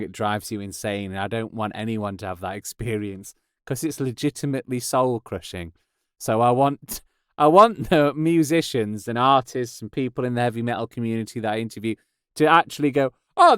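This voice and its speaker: A man's voice: medium pitch, a bit bright, smooth, no echo. A man hosting a podcast, rambling in a casual, self-mocking way with frequent laughs and restarts, recorded in a padded home studio booth. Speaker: podcast host and voice actor. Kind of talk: casual monologue.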